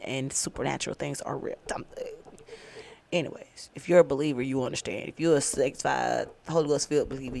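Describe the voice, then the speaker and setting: Woman host, low raspy voice, animated testimony storytelling. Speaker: podcast host. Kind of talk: personal faith testimony. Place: downtown, indoors.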